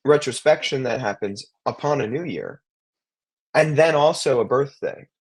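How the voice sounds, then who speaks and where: A man's voice: mid-range voice, lively intonation, moderate pace, breathy edge. A man in his twenties, co-hosting a podcast in casual chat, rambling with many restarts and fillers. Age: 20s. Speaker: co-host.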